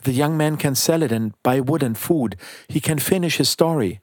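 A man voicing a kind, sorrowful male statue prince who speaks in a gentle, earnest, pleading way. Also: medium pitch, normal speed, breathy edge, dry recording, studio quality, natural voice.

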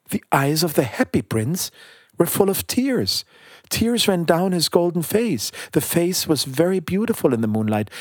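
A man reading a fairy tale aloud in a calm, measured way, with brief remarks about the story before he begins. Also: on the high side, slightly rough, no echo, clean studio sound.

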